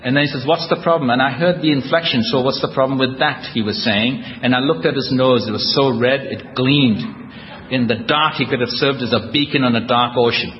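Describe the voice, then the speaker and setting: A man at middle pitch tells his recovery story with wry, self-mocking humor, speaking to a live audience. His voice carries a long reverb from a large hall. The recording is dull and lo-fi, with clear background noise underneath. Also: a little fast. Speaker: guest speaker at a recovery convention. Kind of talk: humorous personal recovery talk.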